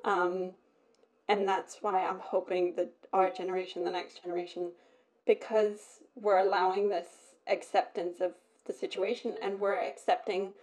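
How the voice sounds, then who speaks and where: A woman talking openly in a casual conversation, expressive and candid, often slipping into quoted voices. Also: mid-range voice, moderate pace, low-quality recording. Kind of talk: casual chat.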